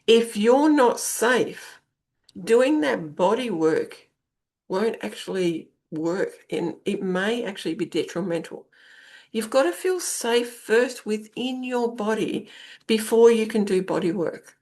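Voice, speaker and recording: A woman's voice: medium pitch, animated, slow pace, a little mellow. Middle-aged woman coaching in spoken monologue. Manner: conversational, coaching, repeats phrases for emphasis. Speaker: podcast host and intuitive coach. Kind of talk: spoken self-help monologue.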